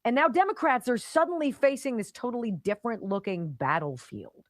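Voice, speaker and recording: A middle-aged woman hosts a talk radio show, her pitch leaping around as she talks. She delivers a sarcastic, scornful monologue in short punchy bursts. The sound is close and dry, with no room around it. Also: lively intonation, fairly quick, no echo.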